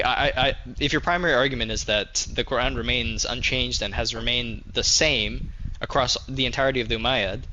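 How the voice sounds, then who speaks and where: A man in a casual voice chat, talking quickly and sounding exasperated at times. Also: medium pitch, bright, forceful tone, a little hiss or hum, poor audio. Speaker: gaming group member.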